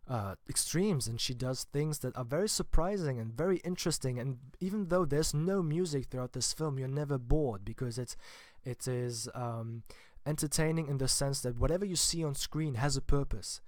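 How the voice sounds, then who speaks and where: A man's voice: medium pitch, normal speed, hardly any pauses, a little mellow, no echo, studio quality. A man giving a casual spoken film review, chatty and informal with wry asides. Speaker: film vlogger.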